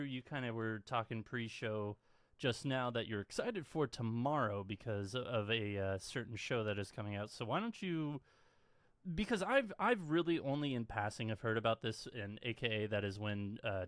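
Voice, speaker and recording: Chatty podcast host, dry sound. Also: male voice, on the low side, moderate pace, dry recording. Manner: relaxed and chatty, with "yeah, no" and many "uh" fillers. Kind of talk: casual chat. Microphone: voice call.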